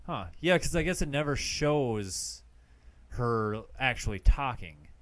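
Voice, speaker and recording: A man co-hosting a podcast, chatting casually about a film and filling in plot details in an unhurried way. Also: medium pitch, lively intonation, no echo. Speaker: podcast co-host. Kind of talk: casual movie-review chat.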